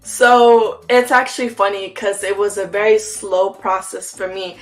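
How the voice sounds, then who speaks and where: A young woman, a guest in an interview, tells a story in casual, slangy chat, talking fast and animatedly while reenacting quotes. Her voice is medium-pitched, with soft music in the background and low-quality recording.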